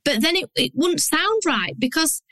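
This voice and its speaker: A woman's voice: sits high, lively intonation, normal speed, bright, forceful tone, no room sound, poor audio. A woman with a Yorkshire accent, a business coach hosting her own podcast in a blunt, down-to-earth, chatty manner. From Yorkshire, England. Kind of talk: solo podcast monologue.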